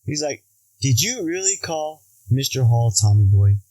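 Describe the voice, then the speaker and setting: An American man with a mid-range voice tells funny stories in relaxed conversation, speaking unhurriedly. He's animated, voices other people's quotes, and laughs a lot. The recording is dry with no room sound but low in quality.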